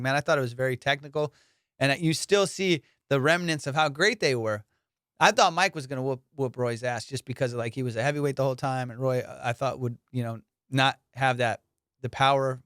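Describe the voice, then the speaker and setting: A man hosting his comedy podcast in casual chat, telling profane, animated stories and laughing often. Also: mid-range voice, smooth, dry recording, clean studio sound.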